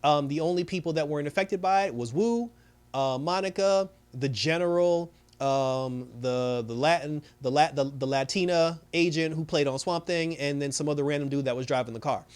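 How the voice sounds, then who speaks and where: A man hosting a casual TV episode recap, talking in an animated, chatty way with lots of fillers. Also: fairly high pitch, normal speed, clean tone. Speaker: TV review host.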